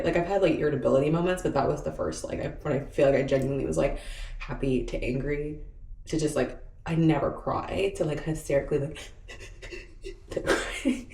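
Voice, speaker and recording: A woman's voice: low-pitched, creaky, dark tone. A young woman vlogging from home, talking frankly in a rambling, chatty way with many fillers. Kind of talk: candid diary vlog. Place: at home, indoors. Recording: echoey room, mic at a distance.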